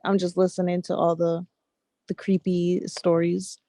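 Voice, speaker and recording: A woman telling a story in a casual podcast chat, relaxed and full of filler words. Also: on the low side, unhurried, crowd noise, low-quality recording.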